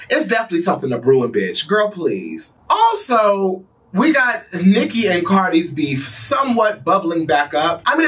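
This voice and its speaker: A man's voice: a little high, a bit bright, recorded from a distance. A man giving casual pop culture commentary in a sassy, gossipy way. He laughs often and swears freely.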